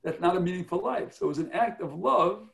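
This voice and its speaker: A man's voice: sits high, expressive, fairly quick, gravelly. A man teaching a religious class on prayer, earnest and explanatory, often checking in with his listeners.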